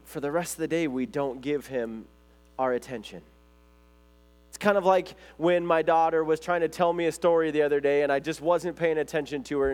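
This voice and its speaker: A man preaching a sermon in a loose, conversational way, telling stories with lots of fillers and restarts. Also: on the high side. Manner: conversational storytelling, lively retelling. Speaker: pastor.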